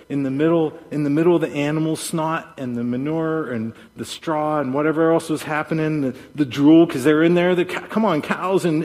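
A man preaching a sermon as pastor, an animated storyteller who acts out voices. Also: a little high. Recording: long hall reverb.

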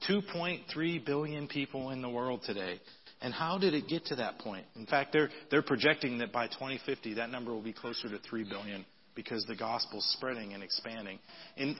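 A man preaching a sermon in a conversational style, reading scripture aloud with lively emphasis. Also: medium pitch, husky. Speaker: pastor. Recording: dull audio with long hall reverb.

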